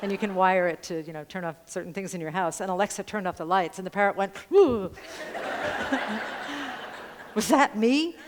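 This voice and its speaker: A woman's voice: on the low side, steady tone, fast talker, noisy background. A woman minister giving a chatty, humorous sermon to a congregation, laughing often between lines. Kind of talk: conversational sermon. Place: spiritual center sanctuary before a congregation. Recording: long hall reverb in a large room.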